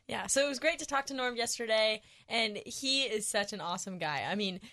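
Woman radio host, chatty and upbeat, bright tone, close dry mic. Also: a little high, dry recording. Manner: upbeat, chatty, quick to laugh. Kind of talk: casual radio chat. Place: radio studio.

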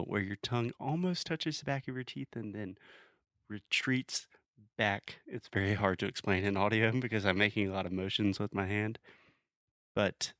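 A man's voice: fairly low pitch, a bit bright, no echo, studio quality. A man, co-hosting a podcast and casually explaining English pronunciation in a playful, teasing way. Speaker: podcast co-host, English teacher. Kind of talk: casual conversational English lesson.

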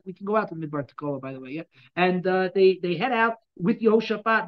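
On a muffled recording, a Torah teacher animatedly reads Bible verses to his class and explains them, alternating loud bursts with quiet asides. His voice is high-pitched and his delivery brisk.

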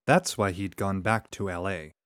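A man narrating a short story aloud from his home, expressive and lively in his delivery. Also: low voice, normal speed, clean tone, dry recording, clean studio sound. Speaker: story reader and podcast engineer. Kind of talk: scripted narration.

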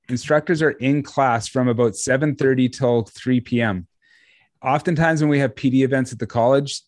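A man co-hosting a podcast on trades teaching, talking in a relaxed, chatty way and laughing easily. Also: mid-range voice, no room sound, studio quality. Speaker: podcast co-host, trades education developer. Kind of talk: casual conversational podcast chat.

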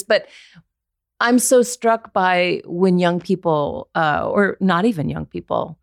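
A woman's voice: fairly low pitch, measured pace, vocal fry, dry recording, studio quality. A woman voiceover actor, a guest on a podcast, talking in a candid, earnest way as she thinks aloud. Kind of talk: casual interview chat.

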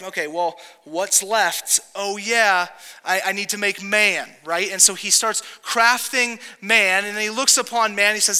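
Bright-voiced preacher man in a hall. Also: sits high. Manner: casual, joking preacher who acts out quotes. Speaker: pastor. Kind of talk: sermon. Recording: long hall reverb.

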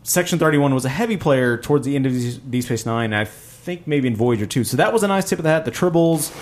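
A man's voice: medium pitch, lively intonation, a little fast, slight background noise. A man co-hosting a podcast, chatting casually and giving enthusiastic, detailed fan commentary. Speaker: podcast co-host. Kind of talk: casual chat.

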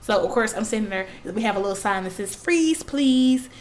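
A young woman co-hosting a casual podcast, telling stories with lively acted-out quotes. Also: mid-range voice, fast, heavy background noise. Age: young adult. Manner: animated storytelling with acted-out quotes. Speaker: podcast co-host. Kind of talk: casual chat.

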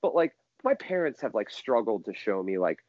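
Rambling, animated male podcast guest. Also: fairly low pitch, moderate pace, dry recording, highs cut off. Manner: rambling, animated, many restarts and fillers. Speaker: musician guest. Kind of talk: casual podcast storytelling.

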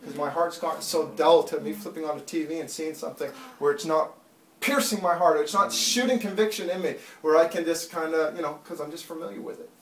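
A man's voice: fairly high pitch, fairly even intonation, fast, a bit bright, a little hiss or hum. A man preaching a sermon to a congregation, talking plainly and then building to urgent, impassioned appeals. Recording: echoey room, mic far off.

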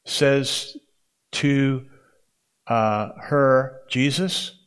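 A man's voice: medium pitch, slow. A man teaching a Bible interpretation class, explaining in a folksy way and often checking in with the room. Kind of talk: classroom lecture.

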